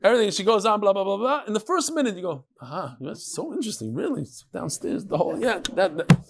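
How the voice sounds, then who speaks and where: A middle-aged man teaching a lively Talmud lesson to a live audience, mixing Hebrew and Yiddish terms and joking with listeners. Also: high voice, fast, gravelly. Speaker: rabbi teaching a daily Talmud class. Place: study hall with a live audience.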